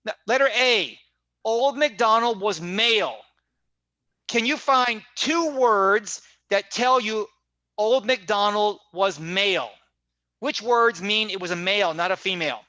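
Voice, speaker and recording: High, bright-voiced man teaching online. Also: a little slow, dry recording, muffled recording. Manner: conversational, repeats points, checks in with "right?". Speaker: teacher trainer. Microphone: video call.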